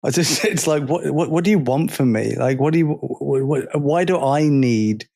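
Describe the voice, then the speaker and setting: Animated man telling stories. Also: mid-range voice, normal speed, vocal fry. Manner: animated storytelling, acts out quoted people. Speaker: podcast co-host. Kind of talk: casual chat.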